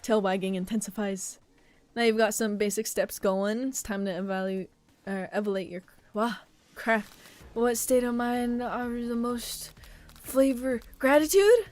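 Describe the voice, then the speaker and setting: A woman's voice: fairly high pitch, little pitch movement, unhurried, a little mellow. A woman streaming a game, reading its text aloud in a playful way and laughing often. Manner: playful, laughing, voices characters. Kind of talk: reading a dating sim aloud. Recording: faint music behind.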